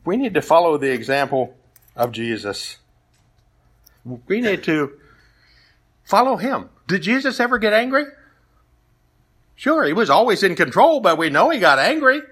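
A man's voice: high-pitched, big pitch swings, measured pace, long pauses, fairly bright tone, breathy edge. A man preaching a sermon, retelling stories and scripture in a plain, conversational way. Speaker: pastor.

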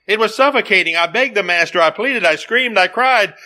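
A man's voice: sits high, expressive, a little fast, sharp tone, full character voice. A man voicing a suffering talking teacup in a spoken parable, with plaintive rising cries.

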